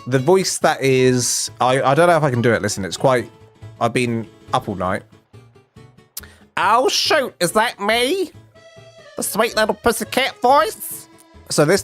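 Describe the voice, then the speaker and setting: Rambling, jokey guy streaming. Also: mid-range voice. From England. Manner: rambling, self-deprecating, jokey, trails off and restarts. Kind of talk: casual live stream chat.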